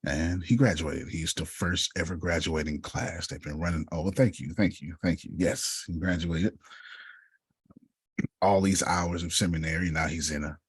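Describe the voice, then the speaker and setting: Man, deep voice, storytelling motivational speaker who calls on the audience by name. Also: fairly even intonation, normal speed, slightly rough, no echo, clean studio sound. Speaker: speaker coaching authors. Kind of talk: motivational talk to a group.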